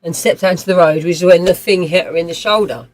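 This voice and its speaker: A woman's voice: on the low side, quick pace, darkish tone, low-quality recording. A woman, streaming a game while telling a vivid personal story in a rambling way, with swearing and frequent restarts. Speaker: livestream gamer.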